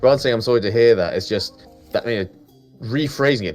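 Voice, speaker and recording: A man's voice: medium pitch, fast talker, darkish tone, soft background music. A man co-hosting a casual chat stream, blunt and emphatic, swearing freely. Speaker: stream co-host.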